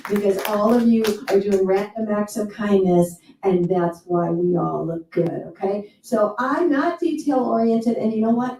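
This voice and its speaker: A woman's voice: mid-range voice, fairly even intonation, unhurried, few pauses, warm tone, slight background noise. A woman giving an enthusiastic, playful motivational seminar talk to a live audience, breaking into quoted asides. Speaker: motivational speaker. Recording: echoey hall, speaker far from mic.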